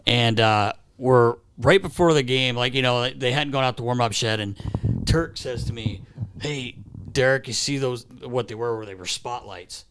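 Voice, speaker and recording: Animated male podcast co-host. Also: normal speed. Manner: animated storyteller who jumps to a high pitch when quoting himself as a child. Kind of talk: casual chat. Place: podcast studio.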